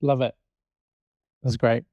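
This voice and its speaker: A man's voice: mid-range voice, little pitch movement, takes it slowly, warm tone, slight background noise. A man hosting a casual podcast, dropping blunt remarks and swear words while he mostly just agrees. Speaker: podcast host, dog trainer.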